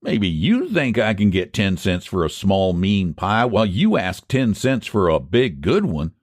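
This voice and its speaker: A man's voice: on the low side, big pitch swings, a little slow, no room sound, clean studio sound. A man voicing a sly, scheming older rural pie seller with a rural American dialect and a folksy drawl. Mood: sly, stubborn. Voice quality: folksy drawl, old-fashioned country grammar.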